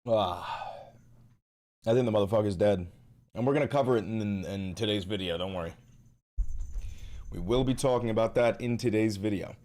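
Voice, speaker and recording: A man's voice: fairly low pitch, moderate pace, long pauses, a little mellow. A man hosting a casual livestream, reacting to news in a profane, sarcastic ranting manner. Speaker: live streamer and political commentator.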